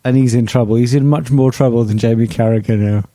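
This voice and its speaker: A man leads a casual football podcast chat with a warm, mellow tone and a dry, close-miked sound. He keeps things moving with teasing, deadpan banter. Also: medium pitch, quick pace, dry recording. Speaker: podcast host.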